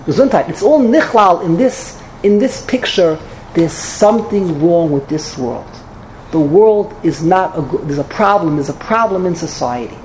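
A woman teaching a Torah lecture in an animated storytelling manner, with sudden high exclamations and many Hebrew and Yiddish terms. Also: moderate pace, slight background noise, low-quality recording.

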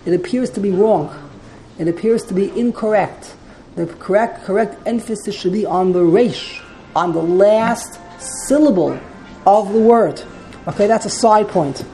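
A woman's voice: mid-range voice, a little slow, dark tone, soft background music, low-quality recording. A woman teaching a text study class, explaining and translating line by line and often wandering into side points.

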